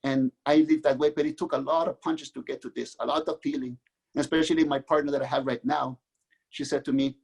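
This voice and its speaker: A middle-aged man from Mexico, a guest author, telling his own life story in an earnest, halting way with many restarts. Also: mid-range voice, steady tone, creaky, a little mellow, slightly rough. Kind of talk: candid personal storytelling.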